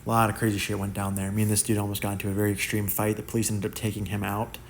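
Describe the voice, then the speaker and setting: Slangy young man with a gravelly voice. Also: on the low side, very fast, a little hiss or hum. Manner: slangy, animated, acts out quotes in shifting voices. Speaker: content creator telling life stories. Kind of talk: casual storytelling monologue.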